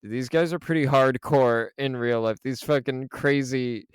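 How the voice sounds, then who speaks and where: A man co-hosting a podcast, casually recapping a horror film with animated, profane storytelling and frequent laughs. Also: mid-range voice, unhurried, clean tone, no room sound, clean studio sound. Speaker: podcast co-host.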